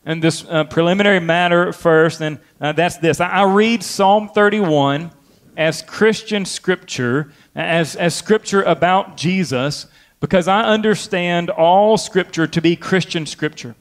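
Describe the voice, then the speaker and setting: Pastor, man, earnest sermon delivery, slightly high voice, repeats key phrases. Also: measured pace. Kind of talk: sermon with opening prayer.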